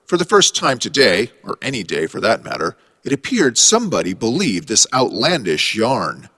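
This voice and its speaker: A man's voice: mid-range voice, huge pitch swings, moderate pace, sharp tone. A man narrating a mystery audio story in a dramatic, wry way. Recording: long hall reverb.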